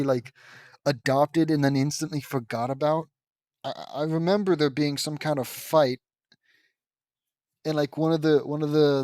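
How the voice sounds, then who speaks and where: A man's voice: dry recording, studio quality. A man reading a fan fiction story aloud in a casual way, often stopping to make sarcastic comments about it. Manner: reads lines in a raised pitch and breaks off to comment sarcastically. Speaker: reader of a fan fiction audiobook.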